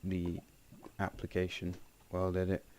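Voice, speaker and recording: A man's voice: deep voice, monotone, measured pace, a little mellow. A man giving casual, rambling gameplay commentary with wry asides and frequent self-corrections. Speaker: game channel host.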